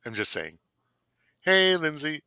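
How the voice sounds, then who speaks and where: Playful man with a forceful, bright voice. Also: a little high, very animated, slow pace, smooth, no room sound. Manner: playful, teasing, laughs often. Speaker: cooking show co-host. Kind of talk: casual live-stream chat. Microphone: computer mic.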